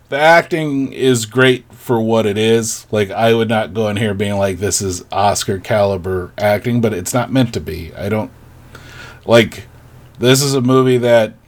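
A man co-hosting a podcast, chatting casually in a rambling, wry way with many fillers. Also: fairly low pitch. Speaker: podcast co-host. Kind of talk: casual chat.

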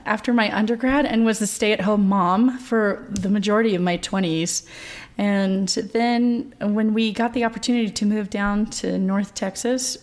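A woman voice professor in her thirties tells her story in a relaxed, chatty way. She fills pauses with little hesitations and laughs easily. Her pitch sits in a middle range. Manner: chatty, laughs often, many fillers. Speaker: voice professor, guest. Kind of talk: conversational interview.

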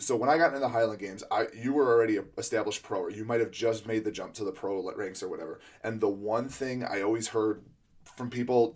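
Male coach-host, lowish voice, rambling casual questions with lots of fillers. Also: darkish tone. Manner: rambling, many restarts and fillers. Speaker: podcast host and throwing coach. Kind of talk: casual interview chat.

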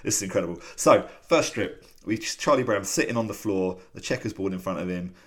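A man with a low, deep voice, talking in a loose, rambling way full of ums and small laughs. He co-hosts a casual podcast chat. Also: fairly quick, a bit bright. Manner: chatty and rambling, with many fillers and laughs. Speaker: podcast co-host.

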